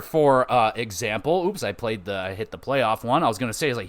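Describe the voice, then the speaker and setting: A man hosting a casual solo sports podcast, rambling through stats with frequent swearing and quick self-corrections. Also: mid-range voice, lively intonation, a bit bright. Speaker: podcast host.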